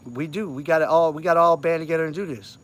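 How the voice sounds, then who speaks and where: Man, vlogger, rambling, repetitive, insistent, fairly high-pitched. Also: fast talker. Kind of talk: casual monologue to camera.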